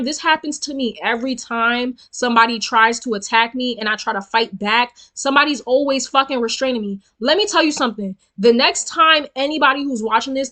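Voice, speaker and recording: In a casual storytime vlog, a young woman rants straight at her viewers, animated, profane and emphatic. Her voice sits a little high in her register with a bright, forceful edge.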